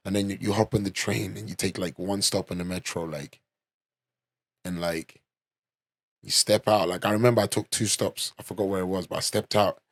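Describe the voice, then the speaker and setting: London podcast host, young man, casual profane storyteller, low voice, dry close mic. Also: fairly even intonation, normal speed, dry recording. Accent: London English. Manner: loose and swearing, full of "like" and "you know".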